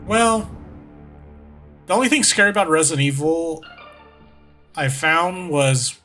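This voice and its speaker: A man's voice: on the high side, expressive, unhurried, sharp tone, faint music behind. A man giving casual let's play commentary, rambling and joking at his own expense. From United States. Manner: rambling, jokey, laughs at himself. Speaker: gaming vtuber.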